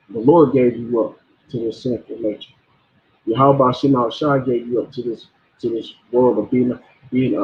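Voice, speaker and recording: A man delivers an informal sermon in a blunt, preachy way. He restarts words and repeats himself, his voice at a middling pitch. The sound is thin and phone-like.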